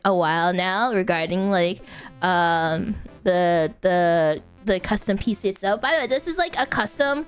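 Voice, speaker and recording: A woman's voice: mid-range voice, clean tone. A woman streamer chatting casually, telling a story in a rambling way with lots of fillers and bursts of laughter. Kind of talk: casual chat.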